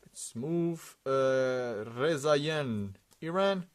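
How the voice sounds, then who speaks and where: A man at an everyday middle pitch talks through an unboxing in a relaxed, off-the-cuff way. He reads names aloud one after another, pausing on fillers as he goes. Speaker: sticker unboxing host. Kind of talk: casual unboxing commentary.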